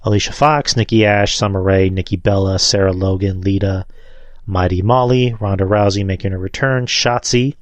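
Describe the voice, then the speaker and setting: A man's voice: low-pitched, steady tone, moderate pace, no room sound. A man hosting a wrestling podcast, reviewing matches in a loose, rambling way and swearing freely. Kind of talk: casual solo show review.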